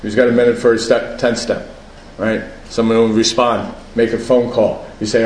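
A man's voice: fairly low pitch, flat delivery, normal speed, darkish tone, roomy sound, low-quality recording. A man giving a personal share at a recovery meeting, conversational, often asking "right?" and laughing at himself.

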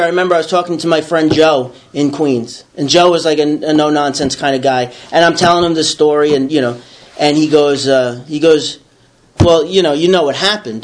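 High-pitched man; lively first-person storyteller who acts out his own rants. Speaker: recovery speaker.

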